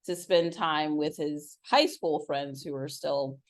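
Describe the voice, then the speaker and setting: A middle-aged woman with a slightly low voice chats on a podcast. She tells a personal story in a relaxed way. When she quotes herself, her voice leaps up sharply. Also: slow. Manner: storytelling, acts out quoted lines with big pitch jumps. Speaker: podcast co-host. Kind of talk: casual chat.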